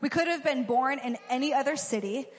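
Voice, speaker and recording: A woman's voice: high voice, a little fast. A young woman giving a casual, conversational sermon, acting out quotes as she goes. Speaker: preacher. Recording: long hall reverb.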